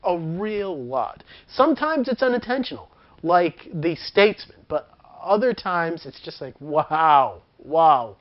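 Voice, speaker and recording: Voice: mid-range voice, big pitch swings, measured pace, lo-fi sound. A film reviewer giving a casual, chatty movie review, laughing often and leaning on fillers.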